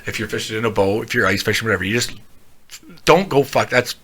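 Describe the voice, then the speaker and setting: Low, bright-voiced man telling a profane story. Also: fast, breathy edge. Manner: profane, animated storyteller acting out quotes. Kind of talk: casual storytelling chat.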